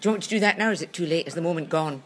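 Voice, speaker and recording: A woman's voice: sits low, very fast, a bit bright, soft background music. A woman co-hosting a podcast in casual chat, full of wry, teasing banter, recorded in a shop. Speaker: podcast co-host. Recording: shop with background noise.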